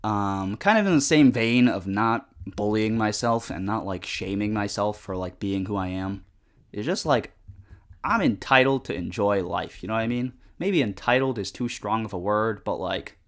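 A man's voice: fairly low pitch, animated, normal speed. A young man chatting casually while playing a game, rambling with lots of fillers and swearing at the game. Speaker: gaming vlogger. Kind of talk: casual chat over gameplay.

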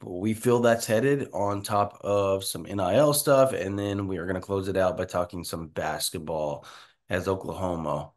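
A man's voice: deep voice, normal speed. A man hosting a sports podcast in an upbeat, chatty way. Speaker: podcast host. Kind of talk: casual sports podcast chat.

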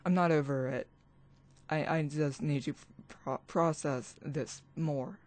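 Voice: medium pitch, fairly even intonation, takes it slowly, a little mellow. A spiritual vlogger ranting alone into a computer mic, agitated and rambling, restarting sentences and swearing. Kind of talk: ranting vlog monologue.

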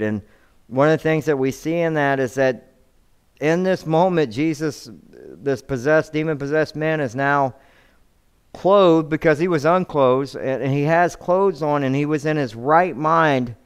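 A man's voice: fairly high pitch, measured pace, smooth. A male pastor preaching a sermon, reading scripture aloud and often repeating words as he restarts his sentences. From United States.

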